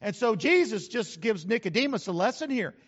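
A man's voice: high-pitched, big pitch swings, a little fast, slightly rough. A middle-aged man preaching a conversational sermon, talking directly to his congregation and repeating key phrases for emphasis. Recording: muffled hall recording with long reverb.

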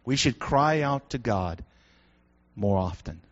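A male pastor preaching a sermon in an animated way, building to shouts with joking asides. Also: medium pitch, slow. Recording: dull lo-fi sound.

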